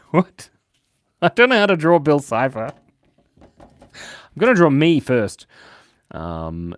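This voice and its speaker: A man's voice: mid-range voice, dry recording. A young man with an Australian accent chats casually on a livestream while he draws cartoons. His voice swings up and down a lot as he jokes with viewers and reads their messages aloud. The recording is dry and close. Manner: chatty, jokey, reads chat aloud, laughs often.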